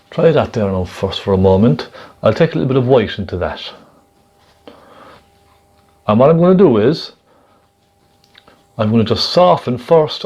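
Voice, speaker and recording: A man gently demonstrating a painting technique step by step, chatting and checking in with the viewer as he works. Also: medium pitch, highs cut off. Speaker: painting instructor.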